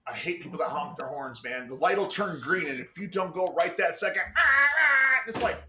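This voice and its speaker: A man co-hosting a casual livestream chat, loud and laughing often, with plenty of swearing. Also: fairly high pitch, brisk, noisy background. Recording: roomy echo.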